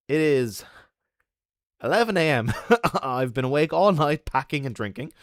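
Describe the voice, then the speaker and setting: A young man who makes videos, chatting on a livestream and telling stories in an animated way, laughing often and swearing. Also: fairly high pitch, normal speed, long pauses, clean tone, dry recording, studio quality. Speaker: YouTuber. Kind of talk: casual livestream chat and storytelling.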